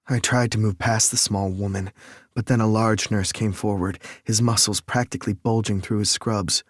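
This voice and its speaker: Man, audiobook narrator, lowish voice, measured, dry close recording. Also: steady tone, no echo. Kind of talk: first-person scripted narration.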